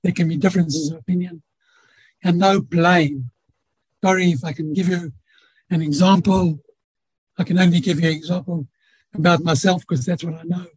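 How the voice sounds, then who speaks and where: Husky, high-voiced man giving advice. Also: steady tone, moderate pace, pauses often, no room sound, rough recording. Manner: earnest, gently advising, uses homely examples. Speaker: guest speaker on relationships. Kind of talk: reflective conversational advice.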